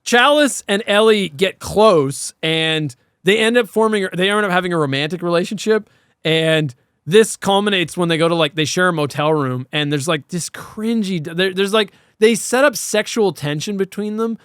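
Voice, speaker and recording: A man co-hosts a casual podcast about horror films, speaking in a fairly high voice. He talks animatedly and swears freely. The recording is close and dry. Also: normal speed, clean tone, no room sound. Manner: animated, profane, laughs while talking. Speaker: podcast co-host. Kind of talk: casual horror film review chat.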